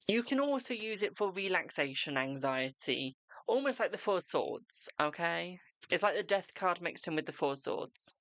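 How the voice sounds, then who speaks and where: Tarot reader on a live stream, gravelly voice, dry close sound, casual, swears a lot. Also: medium pitch, a bit bright, dry recording. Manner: chatty, swears freely, self-mocking.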